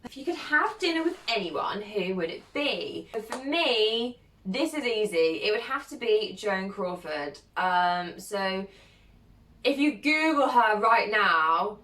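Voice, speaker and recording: A woman's voice: medium pitch, animated, slow, pushed and bright, far from the mic. A young woman chats on her own, reading viewer questions aloud and answering them with easy giggles and plenty of ums. Her voice sits in a middle range. The sound is roomy, with the mic set some way off. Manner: chatty and giggly, reads each question aloud then answers with lots of ums. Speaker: content creator. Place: at home, sitting alone.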